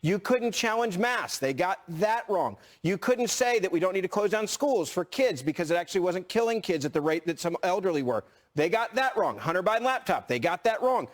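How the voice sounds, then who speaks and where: A man's voice: high-pitched, lively intonation, brisk, hardly any pauses. A man speaking as a panel guest, emphatic, hammering points with repetition. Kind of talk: opinion panel talk.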